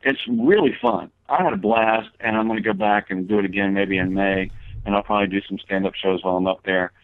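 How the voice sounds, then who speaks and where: A man's voice: sits low, steady tone, brisk, dry recording. A man talking as a guest comedian in a casual interview, telling long rambling stories with many fillers and restarts. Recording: tinny phone line.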